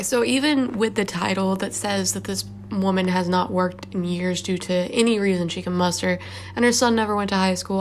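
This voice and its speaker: A woman hosting a vlog, giving blunt, sarcastic casual commentary on posts she reads, with plenty of ums, recorded at home. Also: medium pitch. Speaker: vlog host reading Reddit posts. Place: home, planes heard outside.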